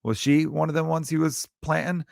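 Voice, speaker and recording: A male comedian and podcast host from the Chicago area, riffing through a crude, rambling comedic monologue with quick asides. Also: a little high, fairly even intonation, gravelly, a little mellow, dry recording. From Chicago area, United States.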